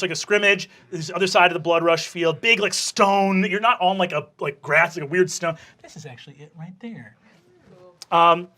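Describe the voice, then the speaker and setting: Brief: male game master, relaxed, loose narration full of fillers. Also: high voice. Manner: casual, many fillers and swears.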